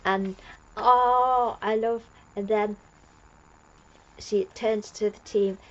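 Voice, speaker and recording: A woman's voice: medium pitch, fairly even intonation, drawn-out words, fairly bright tone, dull audio. A woman recapping an episode as a fan reviewer, gushing and rambling with lots of fillers and restarts.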